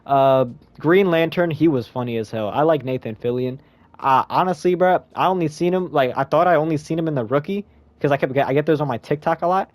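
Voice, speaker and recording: A man's voice: fairly quick, dry recording. Rambling slangy young man reviewing a movie. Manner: rambling, slangy, jumps into high squeaky voice when quoting himself. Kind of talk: casual spoken movie review.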